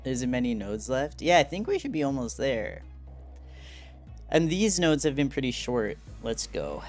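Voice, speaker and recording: A man streams a video game and chats casually as he plays. He talks slowly and wanders from thought to thought, often laughing at himself. Faint game music sits underneath. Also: mid-range voice, big pitch swings. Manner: rambling, self-deprecating, laughs at himself. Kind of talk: casual gameplay commentary.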